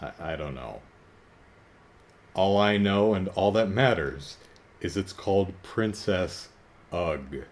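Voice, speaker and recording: A man's voice: deep voice, lively intonation, slow pace, pauses often. A man in his thirties talking casually in a wry, self-deprecating way, sometimes building up to exasperated emphasis. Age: 30s. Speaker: comic book reviewer. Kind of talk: casual vlog commentary.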